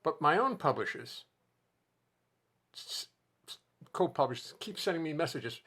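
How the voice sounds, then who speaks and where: A man's voice: on the high side, big pitch swings, measured pace, bright, forceful tone, slightly rough. A man hosting a casual live stream from his home music studio, rambling and joking with viewers. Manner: rambling, chatty, jokes to viewers. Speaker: host and musician.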